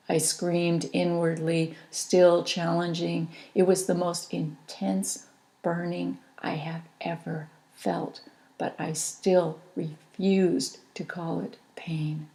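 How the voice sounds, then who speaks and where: A woman reading her own memoir aloud as an audiobook, in a slow, intimate, reflective manner. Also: on the low side, little pitch movement, gravelly, mellow.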